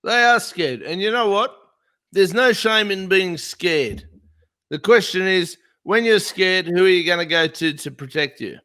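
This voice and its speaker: A man's voice: high voice, animated, unhurried, bright, forceful tone. An Australian man from a small country town, ranting profanely in a casual political chat. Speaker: podcast host.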